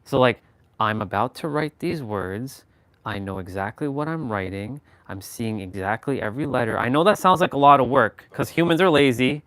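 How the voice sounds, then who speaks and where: A man in casual conversation, talking in loose, rambling runs full of restarts and fillers. His voice sits in a middle pitch range. It is recorded dry and close, with no room sound. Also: lively intonation, moderate pace, fairly bright tone, no echo. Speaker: host. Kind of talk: casual chat.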